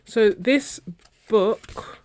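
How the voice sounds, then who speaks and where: Hosting a painting livestream indoors at her home studio, an artist chats casually and wanders from topic to topic, often trailing off mid-search for a name. Her voice sits a little high and is a little mellow, with drawn-out words.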